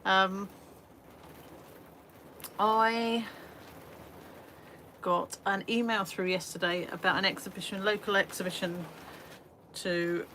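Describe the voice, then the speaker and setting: A woman's voice: mid-range voice, level tone, slow, pauses often, bright, forceful tone. A woman hosting an art live stream from a small shed studio, chatting casually and laughing at herself. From England. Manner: chatty, self-deprecating, rambling with fillers. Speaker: art livestream host. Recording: faint background noise.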